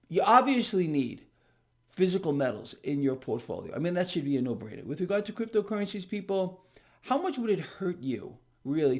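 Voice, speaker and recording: A man's voice: on the high side, darkish tone. A man delivering market commentary straight to viewers, emphatic and repetitive, often calling them "people". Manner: emphatic, repeats words, addresses viewers as "people". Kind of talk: direct-to-camera market commentary.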